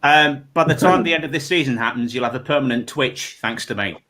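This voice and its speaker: A man's voice: mid-range voice, brisk, sharp tone. A man hosting a live online comedy panel show, teasing the panel and poking fun at himself, often repeating his words.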